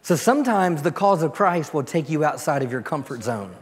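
Man, pastor, storytelling sermon, fairly high voice, long church reverb. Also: lively intonation, a little fast. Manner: storytelling, voice dropping low and soft for prayer. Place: church sanctuary.

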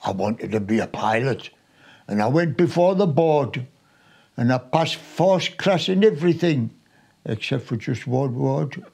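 A man's voice: medium pitch, lively intonation, unhurried, creaky, a little mellow, husky, full character voice. A man in his nineties reciting a dialect poem in the voice of a plain-spoken young North East English lad, in rhyming, sing-song verse. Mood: wry. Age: 90s.

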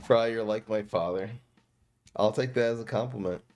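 A man's voice: fairly low pitch, moderate pace, a little mellow, soft background music. A man streaming live, chatting casually and thinking aloud as he plays a card game. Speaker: gaming streamer.

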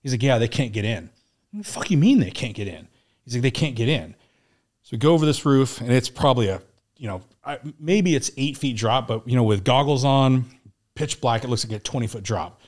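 Middle-aged man, veteran guest, casual profane storyteller with an average pitch, laughs through his war anecdotes. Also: fairly quick, a little mellow. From United States. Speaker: guest, Navy SEAL veteran.

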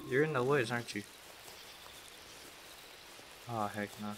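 A man's voice: medium pitch, unhurried, loud music behind the voice. A man giving live gameplay commentary, talking to himself and repeating phrases in bursts when he gets startled. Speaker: gaming YouTuber.

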